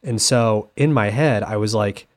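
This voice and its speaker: A man co-hosting a podcast in casual chat, telling stories with animated energy. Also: on the low side, a little slow. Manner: animated storytelling, slips into playful accent impressions. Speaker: podcast co-host.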